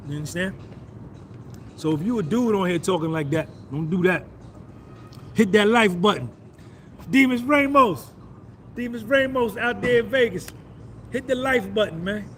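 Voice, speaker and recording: A middle-aged man on a casual live stream, loose and boastful, repeating himself as he shouts out viewers. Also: high-pitched, lively intonation, measured pace, long pauses, a little hiss or hum. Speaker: vlogger doing a live stream.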